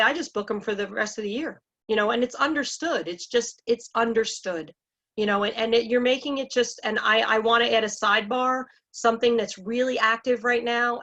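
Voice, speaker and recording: A woman's voice: on the high side, pushed and bright. A woman speaking as a salon business coach in a panel talk, talking with emphatic energy and acting out scripts for clients. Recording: dull lo-fi audio.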